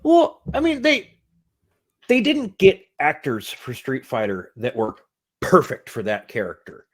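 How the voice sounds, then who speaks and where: A man in his forties co-hosting a casual movie review podcast, animated, laughing often and swearing freely. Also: a little high, a little slow. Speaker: podcast co-host.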